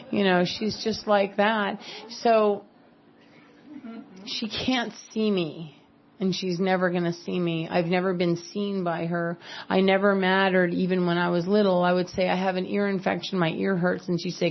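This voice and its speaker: A woman's voice: on the low side, flat delivery, normal speed. A woman from California giving a personal recovery talk, earnest and candid with wry asides. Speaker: speaker at a recovery meeting. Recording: slightly dull lo-fi recording.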